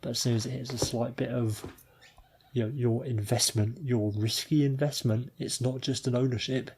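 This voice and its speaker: British male podcast co-host, gravelly, husky, wry and sweary. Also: mid-range voice, steady tone, moderate pace, a little mellow. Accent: British English. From Britain. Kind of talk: casual chat.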